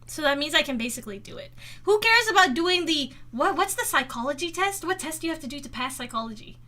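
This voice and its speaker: A woman's voice: high voice, expressive, fast talker, bright, forceful tone. A woman livestreamer chatting casually with her viewers, teasing and giggly with a playfully sarcastic edge, speaking into a desk microphone at home. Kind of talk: casual chat with live viewers.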